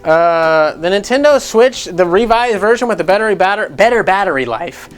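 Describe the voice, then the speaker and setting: A man's voice: high-pitched, lively intonation, normal speed, clean tone, faint music behind. A man hosting casual gaming news commentary, rambling and sarcastic, swearing freely as he goes.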